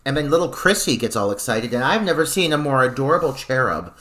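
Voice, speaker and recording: A man co-hosting a horror podcast in loose, excitable chat. His voice sits in a middle pitch, and he swears freely and stretches out words for effect. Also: fast. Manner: animated, profane, drawn out for effect. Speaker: podcast co-host. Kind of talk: casual film discussion.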